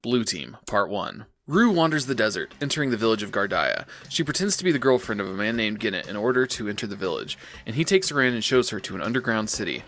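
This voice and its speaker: A man's voice: on the low side, big pitch swings, fast, hardly any pauses, noisy background. A man co-hosting a podcast, chatting casually and joking, then reading an episode recap. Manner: jokey, laughs easily. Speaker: podcast co-host.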